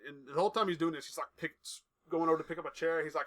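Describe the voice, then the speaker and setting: Bright-voiced young man recapping wrestling. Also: on the high side, steady tone, very fast. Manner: rambling storyteller, acts out quotes. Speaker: podcast co-host. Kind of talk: casual chat recapping wrestling.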